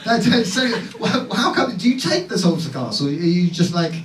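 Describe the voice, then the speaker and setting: Playful high-voiced male comedian on stage. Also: big pitch swings. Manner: quick, playful teasing with frequent laughs and restarts. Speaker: stand-up comedian doing crowd work. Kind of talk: stand-up crowd work. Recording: roomy live club sound, distant mic, loud crowd noise. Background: audience laughter.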